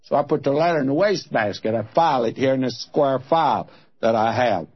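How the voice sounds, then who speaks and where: A man's voice: mid-range voice, a little fast, husky, muffled recording. An older man teaching a folksy, plain-spoken sermon full of rhetorical questions, recorded from an old radio broadcast.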